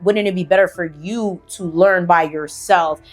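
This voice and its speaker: A woman putting on a scheming old voodoo priest, coaxing and offhand, a touch lower than her own voice. he sounds like someone talking a pupil into staying. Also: measured pace, faint music behind. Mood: persuasive.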